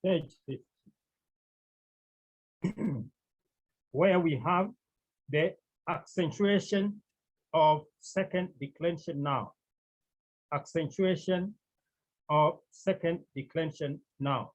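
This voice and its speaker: A man teaching a Greek class, speaking slowly and deliberately, repeating key words and often clearing his throat. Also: on the high side. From Cameroon. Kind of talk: classroom lecture. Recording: dull lo-fi recording.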